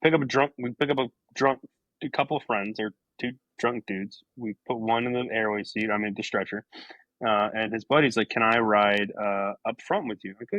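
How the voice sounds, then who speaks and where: A young man, a paramedic, telling work stories in casual chat, deadpan and acting out the people he quotes. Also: mid-range voice, normal speed, dry recording, lo-fi sound.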